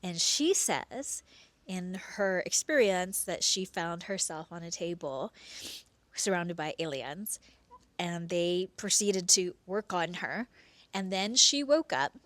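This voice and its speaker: A woman hosting and telling her own true story, expressive, dropping into hushed whispers and swinging between slow and quick delivery. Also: fairly low pitch, no room sound. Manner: pace swings between slow drawn-out and rushed. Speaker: podcast host telling a personal story. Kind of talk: first-person storytelling.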